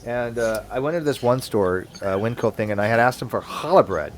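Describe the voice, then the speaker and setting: A man's voice: mid-range voice, lively intonation, brisk, noisy background. A man hosting a casual online hangout, rambling and stumbling over restarts as he talks. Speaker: livestream host.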